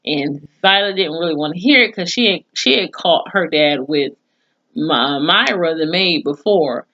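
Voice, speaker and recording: A woman's voice: low voice, expressive, measured pace, sharp tone, highs cut off. A woman recapping a TV episode in casual, profane storytelling, with plenty of asides and cursing. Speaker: TV series reviewer.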